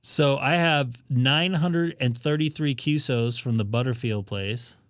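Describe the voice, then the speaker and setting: A man's voice: mid-range voice, unhurried, a bit bright, no echo, clean studio sound. A man hosting a ham radio live stream, chatting casually and joking while he thinks aloud.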